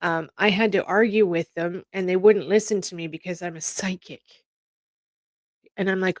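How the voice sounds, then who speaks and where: Woman, middle-aged, lowish voice, blunt, exasperated, swears, dry sound. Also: fairly even intonation, normal speed, dry recording. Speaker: psychic channel host. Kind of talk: casual chat.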